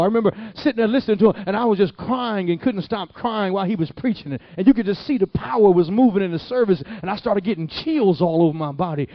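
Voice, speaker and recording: A man from the Detroit area preaching, telling his testimony in an animated, folksy way. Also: sits high, no echo. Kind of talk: sermon testimony storytelling. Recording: dull lo-fi, dry sound.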